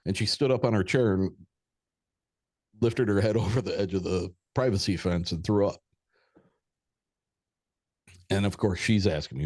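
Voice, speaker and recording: Middle-aged man, very low voice, dry close sound, rambling and profane storyteller. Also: a little fast, darkish tone, no room sound. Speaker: podcast guest. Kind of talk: casual storytelling.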